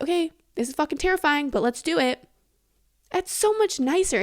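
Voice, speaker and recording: Young woman host, late teens, high-ish voice, candid rambling monologue, swears freely. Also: darkish tone. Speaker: podcast host. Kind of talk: casual solo podcast monologue.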